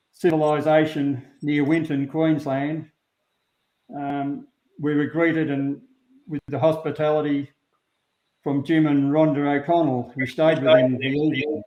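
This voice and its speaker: A man's voice: a little high, dark tone. An Australian man, a sheepdog handler, talking unhurriedly as an interview guest with plenty of ums. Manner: unhurried, plain-spoken, many ums. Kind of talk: relaxed interview talk. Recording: roomy, dull lo-fi sound.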